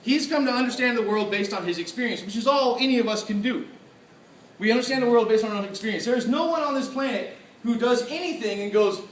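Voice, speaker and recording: A man giving a lively convention panel talk, excitable, laughing often and acting out his own reactions. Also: extremely high pitch, fast, slight background noise. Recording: echoey room, from far off.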